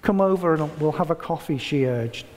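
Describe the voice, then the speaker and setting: Male preacher, high register, measured dramatic delivery, recorded in a reverberant hall. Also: animated, darkish tone. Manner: slow, deliberate reading with dramatic pauses. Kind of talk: sermon with read-aloud story.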